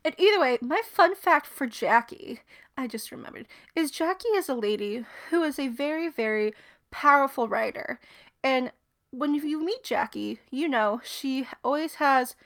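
A woman's voice: sits high, normal speed. A young woman co-hosting a podcast in casual chat, rambling and laughing often. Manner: giggly, rambling and animated. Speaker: podcast co-host.

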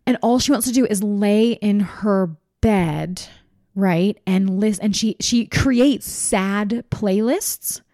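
A woman in her thirties, a mother chatting casually with a friend and telling animated family stories. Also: mid-range voice, slow pace, no room sound, studio quality. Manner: chatty, animated storytelling with quoted voices and laughs. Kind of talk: casual chat.

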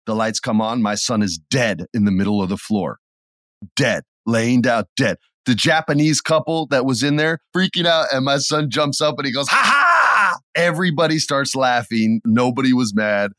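A middle-aged man co-hosting a podcast, chatting casually and acting out his stories with sudden loud bursts. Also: mid-range voice, normal speed, no room sound, studio quality. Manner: animated storyteller, acts out scenes with sudden loud bursts. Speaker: podcast co-host. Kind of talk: casual chat.

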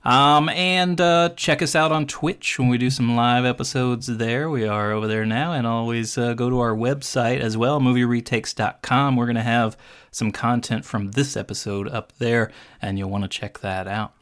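A man's voice: mid-range voice, fairly even intonation, moderate pace, a bit bright, smooth. A man hosting a podcast, joking and teasing in casual chat. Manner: jokey, teasing. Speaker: podcast host.

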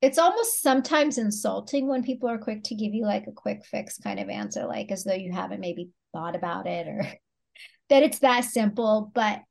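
A woman's voice: mid-range voice, normal speed, creaky, darkish tone. A woman co-hosting a podcast in casual chat, speaking reflectively and candidly. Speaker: podcast co-host.

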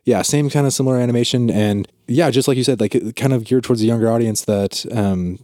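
A man's voice: medium pitch, quick pace, dark tone, no echo, clean studio sound. A young adult man chatting casually as a podcast co-host, rambling with lots of fillers and restarts. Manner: rambling with many likes and restarts. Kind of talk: casual chat.

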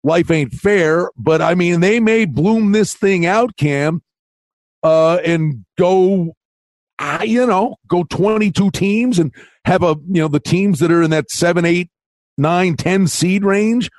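A fairly high-voiced man co-hosting a sports betting podcast in casual chat. He talks in animated, quick bursts and often jumps in over his co-host. The sound is dry and close, with no room around it. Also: dry recording.

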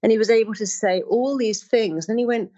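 A woman's voice: fairly high pitch, fairly quick, warm tone, muffled recording. A woman speaking as a therapist, telling personal stories and acting out the voices of the people in them. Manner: storytelling, acts out quoted voices. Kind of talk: motivational talk with personal stories.

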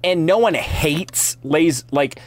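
A man's voice: a little high, slow pace, no echo. A man co-hosting a casual podcast chat, arguing his case and cursing. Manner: argumentative, profane. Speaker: podcast co-host.

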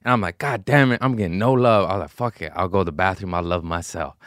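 A man hosting a podcast, telling stories casually and jumping into loud, high voices to act out the people in them. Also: fast, no room sound, clean studio sound. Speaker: podcast host. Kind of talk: casual storytelling chat.

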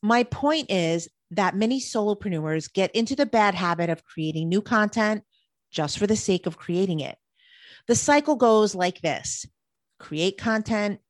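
A woman's voice: mid-range voice, no room sound. A woman co-hosting a marketing podcast, reading prepared points in an upbeat way. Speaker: podcast co-host. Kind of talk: scripted podcast chat.

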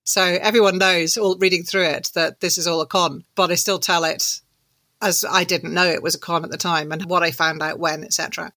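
Bright-voiced woman telling stories. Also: on the low side, fairly quick, no room sound. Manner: animated, laughs while telling anecdotes. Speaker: author and guest. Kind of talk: conversational storytelling.

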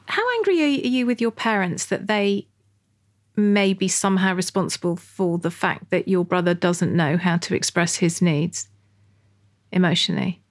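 A woman's voice: on the low side, moderate pace. A middle-aged woman, a psychologist talking frankly and directly with a client in a therapy session. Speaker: psychologist host.

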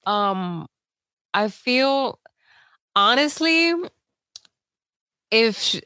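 Slow, halting young woman. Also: on the high side, animated, bright, forceful tone, clean tone, no room sound, studio quality. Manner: slow, halting, filler-heavy. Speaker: co-host. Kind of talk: casual livestream chat.

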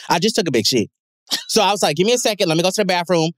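A man guest on a podcast, casually telling a story, animated and dramatic. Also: fairly high pitch, rapid-fire, no room sound.

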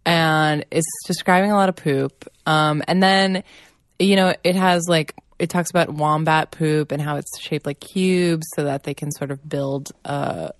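A woman's voice: deep voice, steady tone, unhurried, dry recording, clean studio sound. A mother casually chatting as a podcast co-host, enthusiastic and laughing as she talks. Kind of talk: casual chat.

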